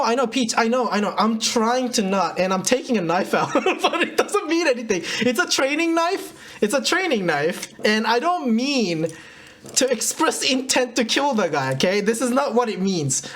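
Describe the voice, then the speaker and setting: A man's voice: high voice, a bit bright. A man rambling through livestream reaction commentary, correcting himself and laughing at his own words. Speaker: commentary streamer.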